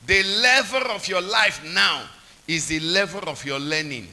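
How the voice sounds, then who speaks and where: A man's voice: high voice, expressive, measured pace, bright, forceful tone, poor audio. A man preaching a sermon, repeating points and quizzing the congregation with call-and-response questions.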